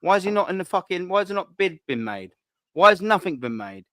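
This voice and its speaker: A man in full angry rant, swearing hard and hammering the same questions again and again. His voice sits fairly high and the sound is dry and close to the mic. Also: lively intonation, quick pace, fairly bright tone, dry recording. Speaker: host. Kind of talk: heated fan rant.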